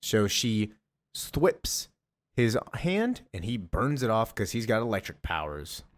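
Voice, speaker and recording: A man's voice: lowish voice, sing-song, slow pace. Chatty man recapping comics. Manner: chatty, enthusiastic, rambling asides.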